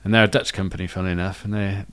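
Fast-talking deep-voiced man chatting. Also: level tone, clear, resonant tone. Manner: rambling, self-correcting, chatty. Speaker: podcast co-host. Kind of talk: casual chat.

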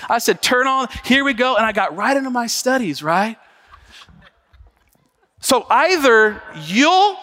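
In a church sanctuary, a high-voiced male pastor delivers an animated sermon. He acts out quotes with big leaps in pitch and volume, keeping things conversational with jokes and asides to the congregation.

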